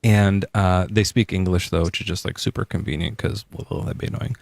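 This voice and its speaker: A man's voice: deep voice, fairly even intonation, brisk, creaky, no room sound. A man hosting a casual call-in show, spinning a playful, rambling story. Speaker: host.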